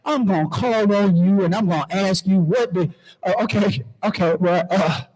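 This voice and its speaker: A man's voice: high-pitched, normal speed, a little mellow, slightly rough, poor audio. A man emceeing a conference from the stage, playful and preachy, talking straight to the crowd. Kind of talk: lively stage emcee talk. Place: conference hall.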